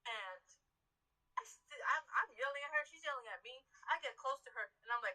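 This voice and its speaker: A woman with a very bright, somewhat high voice tells a story in a loose, casual way. She is animated and foul-mouthed, and she jumps into loud acted-out quotes of the argument. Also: a little fast, rough recording. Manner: animated, profane, acts out heated quotes. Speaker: streamer telling a story.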